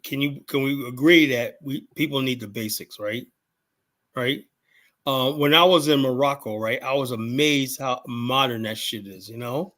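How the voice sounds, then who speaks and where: A man's voice: medium pitch, normal speed. A man from the United States hosting a casual chat, telling stories with lots of profanity and acted-out quotes. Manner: profane, animated storytelling with quoted voices.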